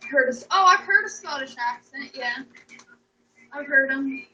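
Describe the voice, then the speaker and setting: High, bright-voiced woman livestreaming. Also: lively intonation, normal speed. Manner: profane, rambling, joking. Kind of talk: casual livestream chat. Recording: echoey room, distant mic, dull sound.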